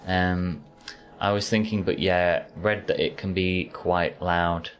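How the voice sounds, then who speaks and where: Speaking slowly in a low, steady voice, this man from Yorkshire, England, streams a game from his cosy bedroom. He rambles in an easygoing way, chatting casually with his viewers.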